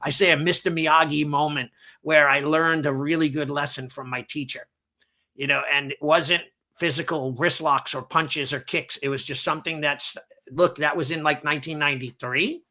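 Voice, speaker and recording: A middle-aged man, a martial arts instructor, telling a long anecdote in a casual, animated way on a podcast. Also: fairly high pitch, moderate pace. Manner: animated storyteller who acts out quoted voices. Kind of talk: casual storytelling. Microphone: seen on video, holds up books to camera.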